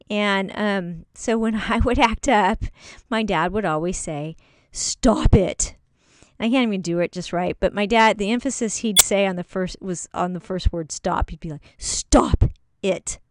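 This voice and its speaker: Smooth-voiced woman coaching a course. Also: medium pitch, dry recording. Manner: casual, coaching, speaks directly to the listener. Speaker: online course instructor. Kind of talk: recorded course module talk.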